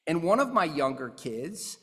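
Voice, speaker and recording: Earnest pastor in a reverberant hall. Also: male voice, a little high, big pitch swings, measured pace, fairly bright tone. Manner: earnest, conversational preaching with everyday examples. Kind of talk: sermon.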